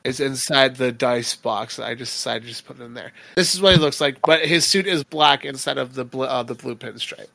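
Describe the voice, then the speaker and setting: A man's voice: mid-range voice, fairly quick, vocal fry, hardly any pauses, bright, forceful tone, no echo. A man narrating as game master of a tabletop game, describing scenes in a rambling way with fillers.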